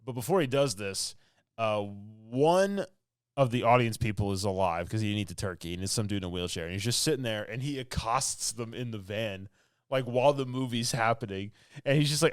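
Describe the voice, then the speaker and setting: A podcast co-host with a smooth, mid-range voice recaps a film a little fast, in clean studio-quality sound with no room noise. His telling is casual and rambling, packed with "like" fillers and laughs.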